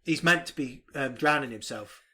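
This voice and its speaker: A man co-hosting a casual film podcast, recapping the plot in an animated, sweary way and putting on quick mock voices. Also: mid-range voice. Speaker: podcast co-host. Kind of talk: casual film review chat.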